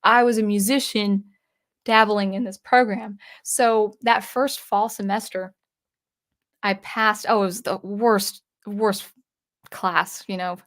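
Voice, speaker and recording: An electronic music composer who hosts her own channel tells a personal story casually, with frequent restarts and asides. Her medium-pitched voice is fairly bright and fairly even in intonation, and she takes it slowly. When she acts out remembered dialogue, her tone shifts.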